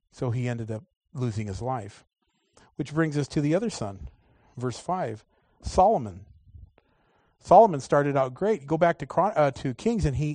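A man preaching a sermon, moving between loud, drawn-out emphasis and quiet asides. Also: mid-range voice, no room sound.

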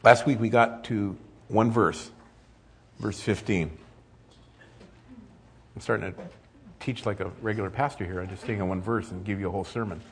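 A man's voice: fairly low pitch, fairly even intonation, moderate pace, long pauses, slight background noise. An older man preaching a sermon as pastor, conversational with joking asides.

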